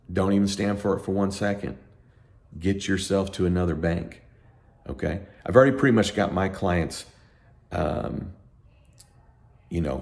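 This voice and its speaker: A middle-aged accountant talking to camera in a heated, emphatic rant, sleep-deprived and worked up. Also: male voice, low voice. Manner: emphatic, ranting, animated. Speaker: accountant and tax educator. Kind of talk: heated unscripted talk to camera.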